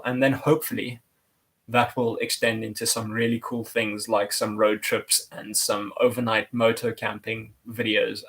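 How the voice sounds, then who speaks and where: A man's voice: medium pitch, a bit bright. A man telling a story in a casual motorcycle vlog, talking in a rambling, chatty way. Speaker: motorcycle vlogger.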